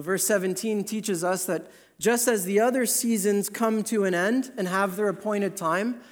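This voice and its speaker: A man preaching a sermon in an earnest, emphatic way, slowing down to stress key words. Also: sits high.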